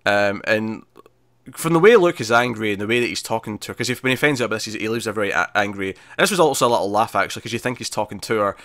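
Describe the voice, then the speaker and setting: A man's voice: lowish voice, lively intonation, quick pace, a bit bright, dry recording. A man co-hosting a casual TV review chat, recapping scenes animatedly with frequent laughs and restarts. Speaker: podcast co-host reviewing a TV episode.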